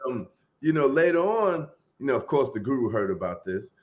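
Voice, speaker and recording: A middle-aged man telling a long story as a podcast guest in a relaxed, casual way, trailing off into fillers and acting out the voices of the people in it. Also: medium pitch, brisk. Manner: laid-back, acts out quoted voices, trails off into fillers.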